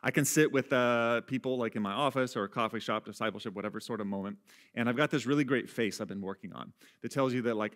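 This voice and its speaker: Speaking fast in a medium-pitched voice, a man delivers a pastor's sermon. He's conversational and self-mocking, often chuckling at himself, and his lines swing from quiet and hushed to loud and raised.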